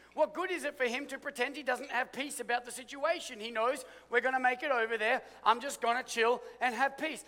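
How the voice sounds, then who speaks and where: A man preaching a sermon, swinging from loud, emphatic lines to hushed, low ones. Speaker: pastor. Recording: long hall reverb.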